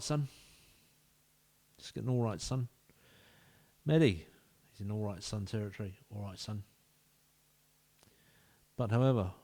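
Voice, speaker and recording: A man's voice: lowish voice, dark tone. A man giving casual, jokey let's-play commentary as a gaming video host, bantering with the players in the game.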